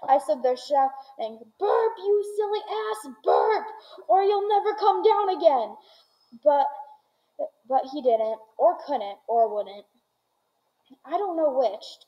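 A woman reading aloud voices an excitable, eccentric male candy maker who talks in bursts of boastful exclamation. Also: sits high, slow pace, long pauses, muffled recording. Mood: gleeful.

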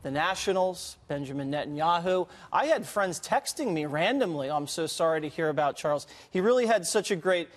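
A younger man co-hosting a panel talk show, telling stories with animated energy and laughing now and then. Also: fairly high pitch, a little fast, few pauses, long reverb tail. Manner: animated storytelling, laughs while talking. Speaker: co-host.

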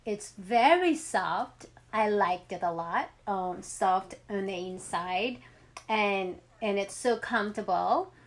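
Slow-talking woman, heartfelt vlog. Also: mid-range voice. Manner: heartfelt, with many fillers. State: emotional, near tears. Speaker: vlogger. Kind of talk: personal vlog.

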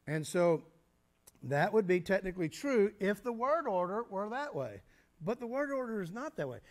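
A man preaching a teaching sermon, explaining step by step and often pausing with fillers and restarts. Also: fairly high pitch, a little mellow. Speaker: pastor.

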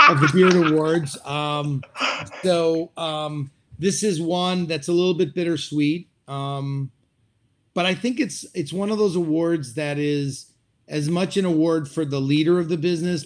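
A middle-aged man speaking as a restaurateur guest in an interview, reflective and hesitant with frequent fillers, over a video call. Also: a little high. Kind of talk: interview conversation.

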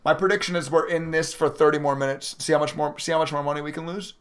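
A man's voice: a little high, fairly even intonation, fast talker, fairly bright tone. A young man streaming his day trading live, talking casually to his chat, frustrated and swearing as he reads messages. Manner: frustrated, swearing, chatting to viewers.

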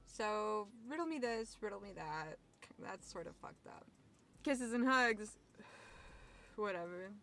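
A woman's voice: medium pitch, lively intonation, slow pace, long pauses, fairly bright tone. A young woman vlogging outdoors at the beach, rambling and emotional, swearing freely as she talks to her viewers. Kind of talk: casual vlog talk to camera. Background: faint outdoor ambience.

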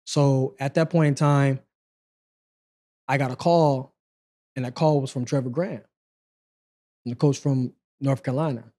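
A man in his forties, a guest on an interview show, telling stories from his past in a relaxed, conversational way. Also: mid-range voice, a little slow, long pauses. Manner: relaxed, conversational, acts out quoted dialogue. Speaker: interview guest, former sprinter. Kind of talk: casual storytelling interview.

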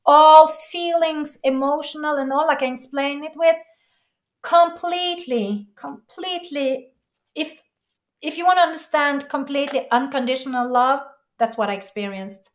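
A woman interview guest telling a personal story in an earnest, emotional way, halting and restarting. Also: sits high, steady tone.

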